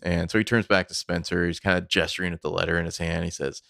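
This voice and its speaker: A deep man with a gravelly, fry-heavy voice, casually recapping a TV episode. He talks over a close, dry mic and leaps into character lines with sudden high swings. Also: fast talker, hardly any pauses, no echo. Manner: animated retelling, mimics characters with big pitch jumps. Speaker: podcast co-host recapping a TV episode. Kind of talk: casual chat.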